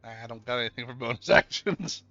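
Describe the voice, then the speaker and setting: A man's voice: mid-range voice, brisk, pushed and bright, no echo. A man playing in a tabletop game, playful and joking about his turn. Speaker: player. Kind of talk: casual tabletop game play. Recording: dull lo-fi mic.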